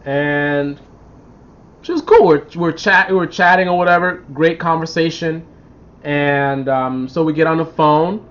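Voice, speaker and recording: A man hosting a casual livestream, reading out viewer comments and telling rambling stories in an animated way. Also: fairly high pitch, a little slow. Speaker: livestream host. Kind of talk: casual live-stream chat. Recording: dull lo-fi livestream audio.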